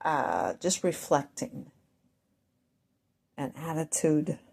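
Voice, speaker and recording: Slow-spoken Midwestern woman, mellow tone. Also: sits low, sing-song, creaky, a little hiss or hum. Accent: Midwestern American. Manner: deliberate, speaks slowly on purpose; wandering, self-interrupting asides. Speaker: vlogger. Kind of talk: rambling monologue to camera.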